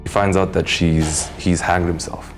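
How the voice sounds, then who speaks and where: A young man from East Africa, a guest in a casual interview, telling a story in an animated way and acting out the voices of its characters. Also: low-pitched, a little slow, soft background music. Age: young adult.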